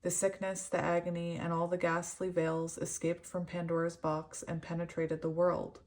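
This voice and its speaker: A young woman doing a tarot reading, reading card meanings and a story aloud in an earnest, gentle way. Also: on the low side, monotone, moderate pace. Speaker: tarot reader.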